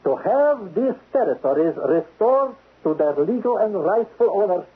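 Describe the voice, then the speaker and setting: A man's voice: sits high, lively intonation, moderate pace, breathy edge, exaggerated voice. A man playing a stern, sarcastic male spy chief in a 1970s radio drama. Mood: icy. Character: cold menacing male foreign spy chief. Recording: lo-fi narrow-band radio recording.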